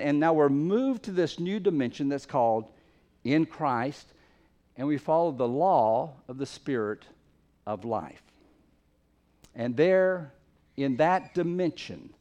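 A man preaching a sermon, stressing key words by repeating them and letting closing phrases fall soft and low.

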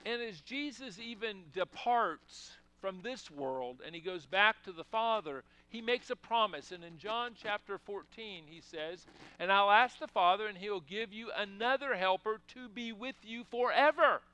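A man's voice: high-pitched, measured pace, pushed and bright, clean tone. A man preaching a sermon in a conversational way, asking the congregation questions and breaking into emphatic bursts. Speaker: pastor.

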